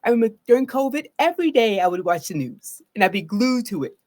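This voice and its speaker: A woman's voice: a little high, expressive, fast talker, darkish tone. A middle-aged woman therapist giving a live solo talk about trauma. She speaks earnestly and often checks in with "right?".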